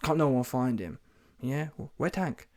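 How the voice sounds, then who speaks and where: A man's voice: mid-range voice, animated, measured pace, dark tone. A man doing a brash, mocking commentary rant full of street slang. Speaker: commentary vlogger.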